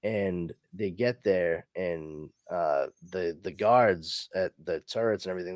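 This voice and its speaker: Deep-voiced guy rambling through a comic recap, lots of uhs, dry close mic. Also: measured pace, few pauses, no room sound. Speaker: podcast host. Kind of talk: casual comic book recap.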